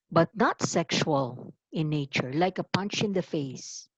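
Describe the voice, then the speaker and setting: A woman giving a formal orientation lecture, deliberate and emphatic, stressing key words. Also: low voice, expressive, husky, no room sound, muffled recording. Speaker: university anti-harassment office coordinator.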